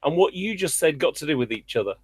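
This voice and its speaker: High-voiced exasperated male host. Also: fast talker, breathy edge, dry recording. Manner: exasperated, challenging, animated storytelling. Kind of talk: hosting a heated call-in debate.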